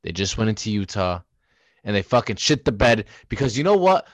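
A man's voice: on the low side, very animated, a little fast, no echo. A young man co-hosting a podcast, ranting heatedly and profanely in a sports debate. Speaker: podcast co-host.

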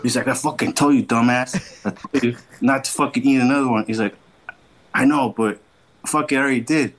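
A man's voice: medium pitch, fairly even intonation, brisk, rough recording. A young man casually telling a long story on a podcast, swearing a lot and acting out what everyone said. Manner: laid-back slangy storyteller, quotes people in voices.

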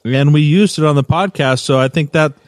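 A man's voice: fairly high pitch, brisk, dry recording. A man in his fifties co-hosting a podcast in casual chat, rambling and hunting for words with plenty of fillers. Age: 50s. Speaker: podcast co-host.

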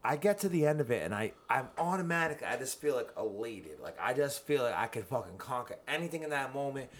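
A man hosting a podcast in casual, profane chat, getting excited and yelling out names. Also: medium pitch, fairly quick. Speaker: podcast host.

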